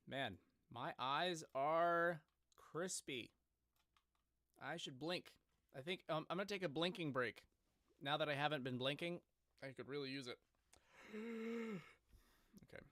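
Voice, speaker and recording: A man's voice: fairly high pitch, animated, slow, long pauses, a bit bright, no room sound, clean studio sound. A man chatting casually on a live stream, rambling and joking at his own expense. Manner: joking, rambling, self-deprecating.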